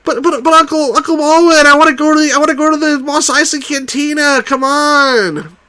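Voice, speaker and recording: A man's voice: very high-pitched, a little fast, bright, forceful tone, pitched above the performer's own voice. A man putting on the voice of a whiny young farm boy who pleads to go on an adventure. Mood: whining.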